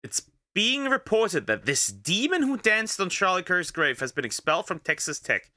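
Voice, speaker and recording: A man's voice: high voice, big pitch swings, normal speed, sharp tone, dry recording, studio quality. A young man reacting to a video in casual commentary, rambling and sarcastic, with lots of fillers and restarts.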